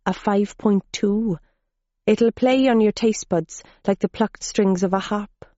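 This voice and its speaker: A man's voice: high-pitched, takes it slowly, mellow, no echo. A woman voicing a wily Welsh male cheese smuggler who speaks in a sing-song, salesman-like way, on a dull lo-fi recording. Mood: salesy.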